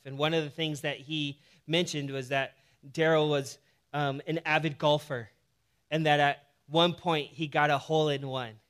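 Animated, high-voiced male pastor preaching. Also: clear, resonant tone. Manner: casual, animated preaching with humor. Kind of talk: sermon.

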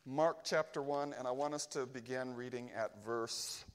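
A man's voice: medium pitch, normal speed, clean tone. A man preaching a sermon, emphatic and often asking "right?" to his hearers.

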